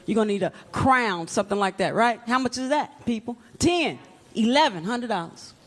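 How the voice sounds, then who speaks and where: A woman performs stand-up on a comedy club stage before a live audience, her fairly high voice animated, bright, and at normal speed. Brash and playful, she acts out little scenes while the crowd laughs and makes noise in the live recording.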